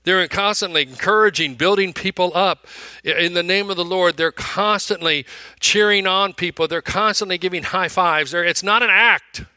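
Bright-voiced preaching man, dry sound. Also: sits high, normal speed, smooth, dry recording. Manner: emphatic preaching, repeats phrases, swings from loud to hushed. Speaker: pastor. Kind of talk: sermon.

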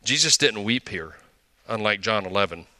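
Bright-voiced older man preaching. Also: lowish voice, animated, normal speed, no room sound. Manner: conversational preaching with repeated restarts and asides. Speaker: pastor. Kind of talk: sermon.

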